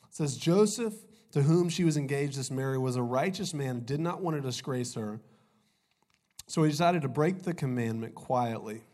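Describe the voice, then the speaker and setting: A young pastor preaches in a loose, conversational way, throwing in "y'all" and small jokes. His voice is slightly rough from a cold, and he speaks into a stage mic. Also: mid-range voice, animated, normal speed, a little mellow. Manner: conversational, jokey, says "y'all" often. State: recovering from a cold, voice a little off. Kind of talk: sermon.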